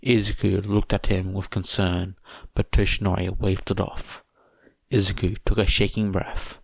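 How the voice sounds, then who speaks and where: A man reading fan fiction aloud as a podfic narrator, in a measured, even way. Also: deep voice, creaky, husky, dry recording. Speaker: podfic reader.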